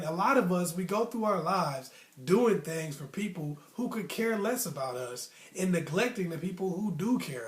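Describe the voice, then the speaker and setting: A man casually telling a personal story in a relaxed, slangy, rambling way, full of asides. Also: a little high. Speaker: storyteller host. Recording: roomy echo.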